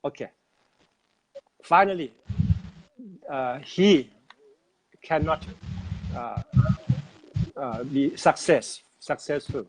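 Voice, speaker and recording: A man in casual conversation, speaking halting English with many pauses and fillers. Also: fairly high pitch, animated, poor audio.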